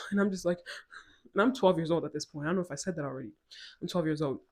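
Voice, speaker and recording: A woman in her twenties from West Africa, telling a personal story to her viewers in a chatty, animated way, laughing often and going off on asides. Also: deep voice, fast. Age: 20s. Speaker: storytime vlogger. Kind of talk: casual storytelling to camera.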